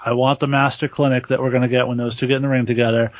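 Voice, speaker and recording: A man's voice: medium pitch, little pitch movement, very fast, dry recording. A man co-hosting a podcast in casual chat, blunt and critical, with heavy swearing. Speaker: podcast co-host. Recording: dry, dull lo-fi podcast audio.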